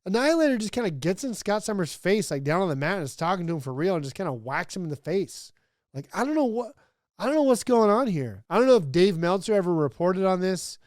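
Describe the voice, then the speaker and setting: A man's voice: high-pitched, big pitch swings, quick pace, no room sound, studio quality. A man hosting a comedic wrestling review, talking casually and sarcastically with lots of fillers. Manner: rambling, sarcastic, many fillers, laughs often. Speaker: host.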